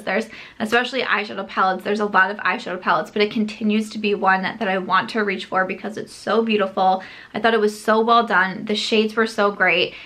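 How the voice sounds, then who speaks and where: A woman beauty vlogger talks straight to camera in an easy, chatty way. Her voice is bright and forward, set at an ordinary pitch for a woman. She gushes excitedly, piles on the filler "like", and corrects herself as she goes. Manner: frequent filler "like" and self-corrections. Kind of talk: casual chat to camera.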